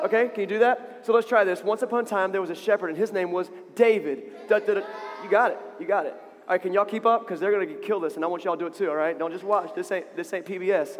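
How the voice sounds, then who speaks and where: A man leading an interactive, playful call-and-response story for a young church audience. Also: sits high. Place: church stage with big speakers. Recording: reverberant hall over loudspeakers.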